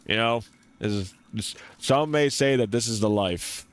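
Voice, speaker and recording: A man streaming a game, commenting in an excitable, joking way with swearing and laughter. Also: fairly low pitch, a little slow, dry recording. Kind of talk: let's-play commentary.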